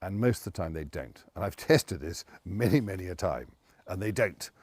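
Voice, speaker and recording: A man's voice: low voice, moderate pace, no room sound. A man, a presentation coach giving conversational advice straight to camera. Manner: conversational, animated, with quoted asides.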